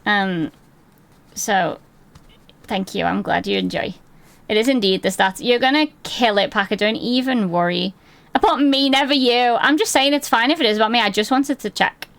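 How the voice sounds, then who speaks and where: A woman in her twenties streams from home, speaking at normal speed in a high-ish, creaky, slightly bright voice with no echo. Chatty and self-deprecating, she swears often, laughs easily, and reads her chat out loud.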